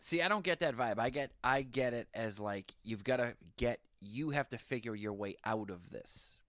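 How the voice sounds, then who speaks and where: A man with a bright, edgy voice chats about a movie in a relaxed way. His pitch rises and falls a lot as he laughs and mimics characters. The sound is dry and close. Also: normal speed, no room sound. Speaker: podcast co-host. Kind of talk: casual film discussion.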